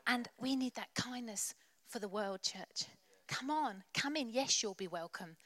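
A woman's voice: on the high side, animated, a little slow, fairly bright tone. A woman preacher delivering a sermon in church, passionate and exhorting, with playful asides.

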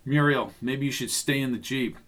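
Man voicing a calm, measured coach, tense standoff. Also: mid-range voice, lightly acted. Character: cautious middle-aged male coach, amateur sleuth.

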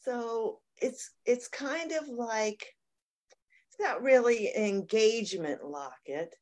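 A woman's voice: fairly high pitch, animated, slow, a little mellow. A woman playing an earnest, nit-picking partner. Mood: affectionate. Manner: earnest, then pointedly complaining. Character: earnest woman giving a keepsake, passive-aggressive. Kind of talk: improvised comedy scene.

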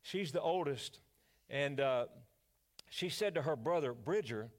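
A man's voice: a little high, animated, a little slow. An older male pastor with a Louisiana accent, preaching a sermon as a folksy, joking storyteller.

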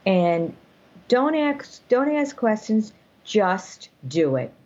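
A woman's voice: mid-range voice, big pitch swings, extremely slow, a little mellow, lo-fi sound. An older woman telling her story as an interview guest, earnest and emphatic, speaking from home over a call. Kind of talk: casual interview talk. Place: home room.

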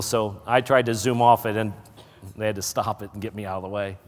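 A middle-aged man preaching a sermon, telling a folksy personal story before rising into loud preaching. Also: fairly low pitch, flat delivery, fast talker, background noise. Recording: hall reverb.

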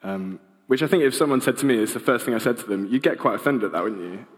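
A man's voice: mid-range voice, lively intonation, fast talker, long reverb tail. A young man giving an informal sermon, casual and hesitant, with many ums and restarts. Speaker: preacher.

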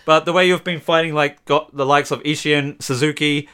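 A man's voice: fairly high pitch, fairly even intonation, normal speed, sharp tone, smooth. A man co-hosting a casual podcast, joking around and breaking into silly sung jingles. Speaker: podcast co-host.

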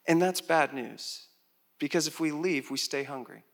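A man preaching a sermon as pastor, animated, with loud rises, soft drops and chatty asides to the congregation. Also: on the high side, moderate pace, vocal fry.

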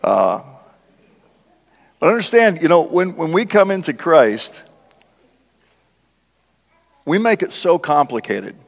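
Animated high-voiced male preacher. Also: slow pace, vocal fry, pauses often. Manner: conversational, animated, laughs often, acts out quotes. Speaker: guest preacher. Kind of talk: sermon. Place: large church. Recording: church hall with long reverb.

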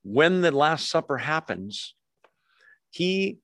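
Guy pastor, kinda high voice, chatty and wry, dry recording. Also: sing-song, slow, a bit bright, no room sound. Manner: conversational, wry asides, acts out quoted voices. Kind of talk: expository sermon.

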